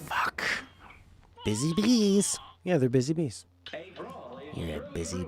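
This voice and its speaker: A man's voice: mid-range voice, wildly swooping pitch, takes it slowly, music in the background. A man streaming a video game, rambling through casual commentary with joking asides. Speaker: gaming streamer. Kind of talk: casual live gameplay commentary.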